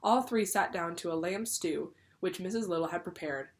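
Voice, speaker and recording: A teacher reading a children's book aloud, pausing to explain the story to her class. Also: on the low side. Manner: lively, pausing to explain to pupils.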